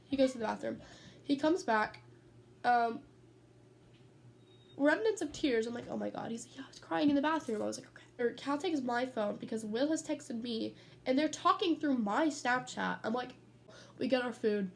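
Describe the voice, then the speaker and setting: Her voice is a little high and creaky, expressive, at a normal speed, with slight background noise. She's a teenage vlogger rambling casually from her bedroom at home, chatty, sidetracked, and freely swearing as she tells stories.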